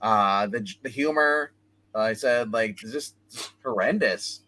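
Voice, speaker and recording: A man hosting a casual comic book chat, retelling stories in a rambling, animated way. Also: fairly low pitch, slow. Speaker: comic book show host.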